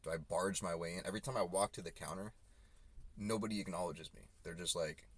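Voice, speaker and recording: A man's voice: sits low, a little fast. A delivery driver venting in a loose, rambling way full of swearing, recorded on a phone inside his car. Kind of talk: casual ranting vlog.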